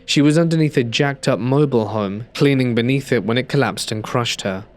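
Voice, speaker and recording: Guy narrating spooky stories, calm hushed reading, mid-pitched voice. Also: a little fast. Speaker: horror story narrator. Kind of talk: scripted narration.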